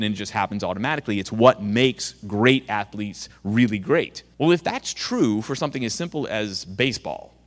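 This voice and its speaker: A man's voice: fairly low pitch, in a large hall. A middle-aged man, a youth pastor, preaching earnestly and directly to students in a school chapel, with sarcastic asides. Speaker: youth pastor and guest speaker. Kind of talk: sermon to students.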